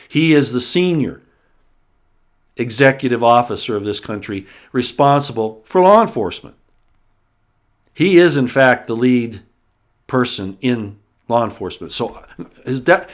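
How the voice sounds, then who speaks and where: A middle-aged man delivering a solo commentary monologue at a mid-range pitch. He speaks with force, stumbles and restarts words, and leans hard on the points he wants to land. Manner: emphatic, repeats and restarts words, rising in force on key points. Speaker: political commentary host.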